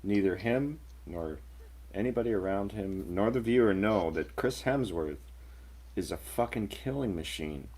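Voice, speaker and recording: A man's voice: on the low side, animated, measured pace, darkish tone. A man co-hosting a casual film review chat, rambling and swearing freely. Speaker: radio show co-host.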